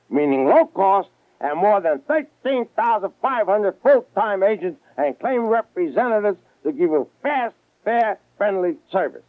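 A man's voice: high voice, sing-song, measured pace, no room sound. A man with a Brooklyn accent reading a playful radio commercial, leaning hard on certain words. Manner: jokey, playful emphasis on words. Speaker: ad spokesman. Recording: tinny old broadcast audio.

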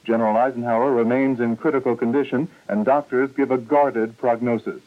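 A man anchors an hourly radio newscast, reading the headlines in a steady, formal way. The sound is thin and narrow, like an old broadcast heard through a small speaker. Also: medium pitch, fairly quick. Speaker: news anchor.

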